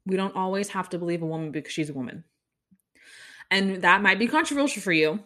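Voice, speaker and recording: Young female podcast host, bright tone, chatty incredulous solo commentary. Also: on the low side, steady tone, fairly quick. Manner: incredulous, rambling, many restarts and laughs.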